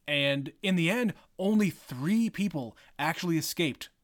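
A man's voice: a little high, lively intonation, unhurried. A man co-hosting a movie podcast in casual chat, talking in long run-on recaps with many fillers and casual swearing. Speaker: podcast co-host.

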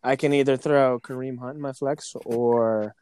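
A man's voice: medium pitch, fairly even intonation, moderate pace, a little mellow, clean tone, no echo. A man on a casual podcast, boasting about his team with swearing and easy laughter. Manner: cocky, swears, laughs easily. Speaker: podcast co-host.

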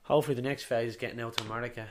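Young irish fella rattling off stories real quick, swearing, mid pitch. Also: male voice, steady tone. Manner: rapid, chatty, swears freely, repeats itself. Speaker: boxer interviewee. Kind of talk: casual chat, storytelling.

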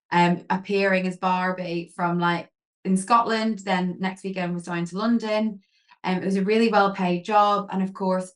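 A woman speaking as an interview guest, chatty and animated. She tells stories with plenty of fillers and puts on voices for the people in them. Her voice sits in an ordinary middle pitch. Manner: lively storyteller, many fillers, acts out quotes. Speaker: guest, pageant queen and photographer. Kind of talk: casual interview chat.

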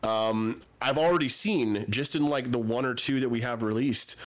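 A man's voice: mid-range voice, moderate pace. A man co-hosting a podcast in casual chat, rambling and searching for words, swearing freely. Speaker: podcast co-host.

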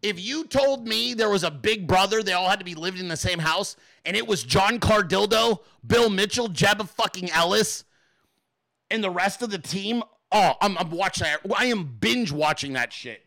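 Fired-up guy swearing nonstop, raspy edge, kinda high voice. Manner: excitable, swears constantly, rapid-fire pitching. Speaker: show host. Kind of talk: profane comedic rant.

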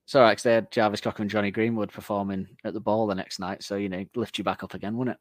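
A lower-pitched man co-hosting a casual music podcast, talking in long rambling stretches with frequent laughs. He comes across as self-deprecating. The sound is close and dry. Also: little pitch movement, fast talker, no room sound. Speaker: podcast co-host.

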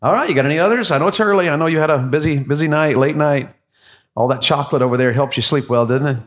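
A man's voice: a little high, fast talker. A man leading a church class, folksy and encouraging, asking the room for verses. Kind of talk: interactive sermon.

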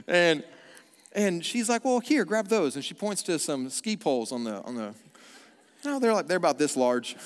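A man, a pastor, telling a story with animated energy and then praying in a hushed, slow voice. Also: a little high, clean tone. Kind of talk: sermon with storytelling and prayer. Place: church auditorium. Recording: long hall reverb.

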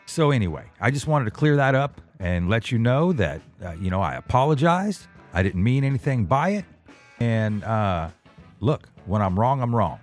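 A man's voice: medium pitch, big pitch swings, normal speed, soft background music. A man in his forties hosting a podcast, talking in a rambling, self-deprecating monologue full of restarts. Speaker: podcast host. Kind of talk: casual monologue.

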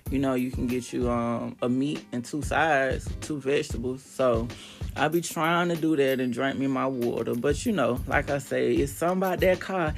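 A woman hosting a podcast in a chatty, casual monologue with emphatic, animated bursts. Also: a bass voice, moderate pace, gravelly, faint music behind. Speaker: podcast host.

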